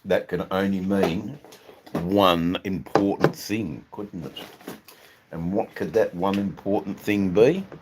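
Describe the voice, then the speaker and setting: A man's voice: sits low, steady tone, takes it slowly, background noise. An Australian man hosting a casual livestream, rambling and swearing as he chats to viewers. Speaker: livestream host.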